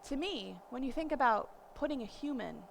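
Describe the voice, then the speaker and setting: A woman in her thirties gives a relaxed, conversational lecture on raising children, with a voice on the higher side. She tells stories with energy and slips into the voices of the people she quotes. A faint hiss of noise sits under the recording. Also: normal speed, gravelly, low-quality recording. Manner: animated storytelling, acts out quoted voices. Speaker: parenting course teacher.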